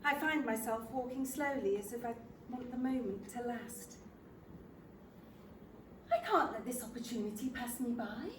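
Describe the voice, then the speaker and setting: An older woman, performing a comic stage monologue in a wry, self-deprecating, expressive manner. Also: on the high side, moderate pace, noisy background. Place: theatre stage. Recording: roomy theatre, from a distant mic.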